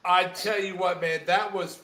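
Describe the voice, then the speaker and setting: A man's voice: high voice, steady tone, unhurried, sharp tone, slight background noise. A man co-hosting a podcast who jokes and cheers on the others with enthusiasm. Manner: enthusiastic, joking, laughs a lot. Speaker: podcast co-host. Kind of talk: casual banter.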